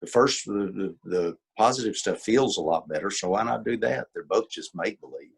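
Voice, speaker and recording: Low husky man teaching emphatically. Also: moderate pace. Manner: emphatic, repeats key points, acts out quoted dialogue. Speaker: workshop presenter and author. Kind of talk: informal teaching talk.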